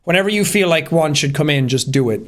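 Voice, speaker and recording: Talking fast with lively intonation and a higher-leaning voice, a filmmaker chats loosely about making his short film. It's a rambling, behind-the-scenes commentary full of fillers and laughing.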